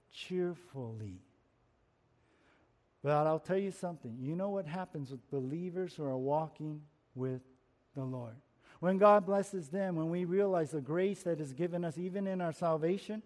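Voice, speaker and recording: A man preaching a sermon, animated, laughing at his own jokes and slowing down to stress key words. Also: a little high. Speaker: pastor. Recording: long reverb of a large hall.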